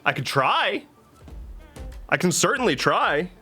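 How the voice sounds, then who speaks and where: A man's voice: high-pitched, big pitch swings, slow, bright, forceful tone, breathy edge, faint music behind. A man streaming live, chatting casually with a playful, rambling, jokey manner.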